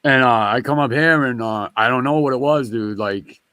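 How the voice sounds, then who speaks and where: A man tells a wandering story in a casual chat, swearing freely and stopping to restart his sentences. His voice sits at a medium pitch, and the recording is dry and close to the mic. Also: normal speed, no room sound. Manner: rambling, profane, animated storytelling; restarts and backtracks often.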